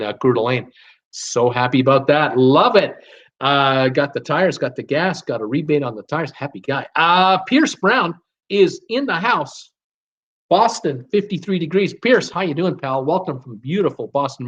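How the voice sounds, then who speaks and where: A man's voice: a little high, muffled recording. A middle-aged man hosting a live cruise chat stream, chatty and upbeat as he reads out viewer comments with lots of fillers. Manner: chatty, upbeat, reads names and greetings aloud with many fillers.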